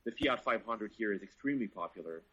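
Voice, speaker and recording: A man's voice: fairly low pitch, animated, fast, bright, forceful tone, breathy edge, rough recording. A Canadian car reviewer, a man, chatting casually and with enthusiasm, swearing freely. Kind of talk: casual chat.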